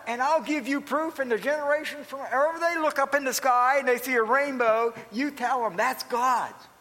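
An older man preaching in a church, with a high, bright voice that carries a long reverb. He tells his story in a folksy, lively way and repeats his phrases for effect. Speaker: pastor. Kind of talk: storytelling sermon.

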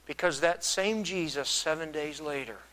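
Captured in a low-quality recording with a little hiss or hum, this earnest pastor speaks at normal speed in a voice pitched a bit higher than usual. He thinks out loud, restarts his words often, and swells in volume to emphasize points.

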